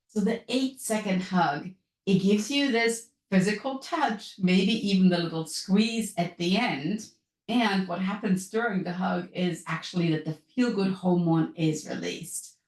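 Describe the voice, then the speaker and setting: Recorded in an echoey room, this business and wellness coach from Europe talks solo on her podcast with a European accent. Her delivery is chatty and upbeat, her pitch swinging lively.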